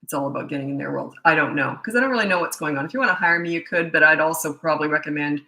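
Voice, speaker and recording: A woman's voice: deep voice, very fast, pushed and bright. A middle-aged woman, a parenting coach answering viewer questions in a rambling, chatty way that often restarts mid-sentence. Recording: roomy echoey room.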